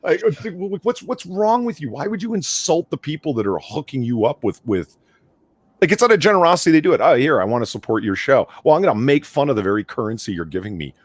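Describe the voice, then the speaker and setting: A man co-hosting a casual stream chat, ranting with animated energy and swearing freely. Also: a little high, fast talker, husky, no room sound. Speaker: co-host. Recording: dry close-miked audio.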